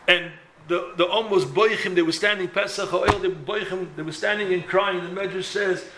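A man's voice: high voice, fairly even intonation, normal speed, background noise. A man giving an impassioned sermon as a rabbi, building to emphatic peaks. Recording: roomy echo.

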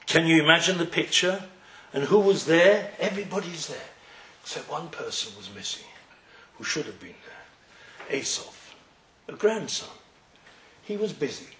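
A man's voice: on the high side, moderate pace, long pauses. A man giving a storytelling Torah lecture, acting out the characters' dialogue with humorous asides. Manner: animated, acts out dialogue in voices, humorous asides. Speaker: Torah teacher. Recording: echoey room with faint noise.

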